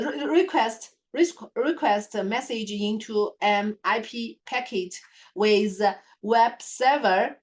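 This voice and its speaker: A woman whose first language is Chinese gives a halting lab report presentation, full of fillers and repeated words. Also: fairly high pitch. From China. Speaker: student presenter.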